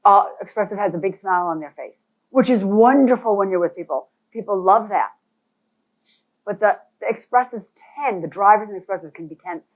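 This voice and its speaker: A woman's voice: medium pitch, a little fast. A woman leading a real estate boot camp presentation, emphatic and talking straight to the people in the room. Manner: animated, emphatic, addresses audience directly. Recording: phone-like thin sound.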